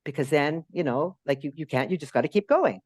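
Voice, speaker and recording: Woman, 60s, podcast guest; lively storyteller with a low, highly expressive voice, dry mic. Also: brisk, no echo. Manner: animated, acts out quotes in high voices.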